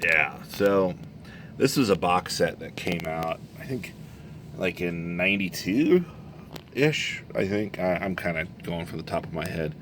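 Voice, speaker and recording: A man's voice: low-pitched, lively intonation, a little slow, a bit bright, a little hiss or hum. A man who runs tabletop games, chatting casually and rambling about an old box set, correcting himself as he goes. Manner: rambling, self-correcting, chuckling storyteller. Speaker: game master reviewing a box set. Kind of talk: casual show-and-tell chat.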